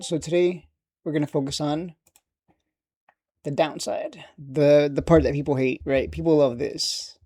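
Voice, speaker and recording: A man's voice: fairly high pitch, a little slow, dark tone, no echo, clean studio sound. A man teaching a casual lesson on reading stock charts, talking conversationally and often asking "right?". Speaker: trading educator.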